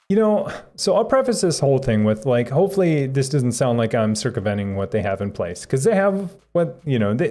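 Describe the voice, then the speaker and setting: Mellow-voiced man rambling on a live stream. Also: medium pitch. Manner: rambling, chuckling, reading chat aloud. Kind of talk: casual live-stream chat.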